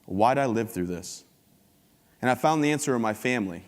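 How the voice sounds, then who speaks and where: A man's voice: mid-range voice, lively intonation, brisk. Upbeat joking man in a big hall. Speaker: keynote speaker. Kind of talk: humorous motivational talk. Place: large conference hall. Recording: long hall reverb.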